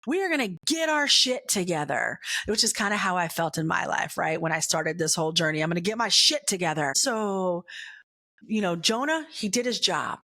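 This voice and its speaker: A woman podcast host telling a candid personal story, animated and blunt, with casual swearing and constant "right?" check-ins. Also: fairly low pitch, moderate pace.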